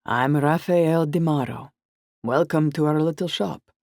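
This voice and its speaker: A friendly young glassblower, put on by a woman reading aloud. He talks warmly with a showman's flourish, in a voice set a little apart from the narration. The recording is dry and close. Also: deep voice, unhurried, no echo. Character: Italian young man, friendly glassblower, playful.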